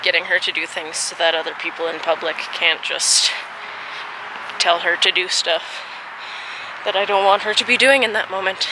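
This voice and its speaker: A woman's voice: lowish voice, fairly even intonation, moderate pace, noisy background. A woman chatting casually in a vlog while walking her dogs outdoors at a dog park, a little out of breath, recording on a handheld camera. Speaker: vlogger.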